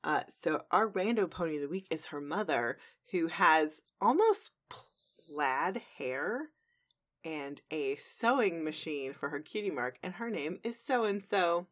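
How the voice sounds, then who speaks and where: Chatty woman from Dallas, low voice. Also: slow pace. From Dallas, Texas. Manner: chatty, animated retelling. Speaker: podcast co-host. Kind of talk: casual recap chat.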